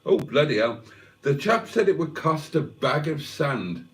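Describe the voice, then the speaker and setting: A man hosting a livestream, chatting to viewers in a rambling, wry, self-mocking way and clearing his throat often. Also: a little high, sing-song, a little slow. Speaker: livestream host. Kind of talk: rambling casual chat to viewers. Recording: roomy sound, mic at a distance.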